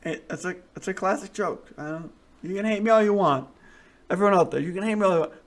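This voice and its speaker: Guy on a podcast telling a dirty joke, kinda high voice, rambly, keeps restarting. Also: quick pace. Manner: rambling, frequent restarts, crude humor. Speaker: podcast co-host. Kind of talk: casual chat, crude joke telling.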